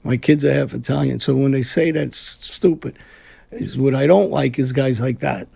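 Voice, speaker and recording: This interview guest, an ex-mafia figure from Brooklyn, New York, has a mid-range voice with vocal fry and a darkish, slightly rough tone. He speaks at a moderate pace, bluntly and combatively, with lots of profanity, in casual interview talk.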